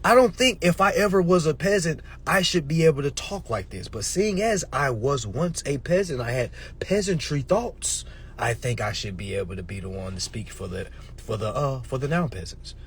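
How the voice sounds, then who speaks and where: A man delivering a casual, preachy rant to his viewers, swearing freely, tagging his points with "all right?" and swinging between murmurs and shouts. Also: mid-range voice, lively intonation, normal speed, a little hiss or hum. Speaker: social media commentator. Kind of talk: casual ranting monologue.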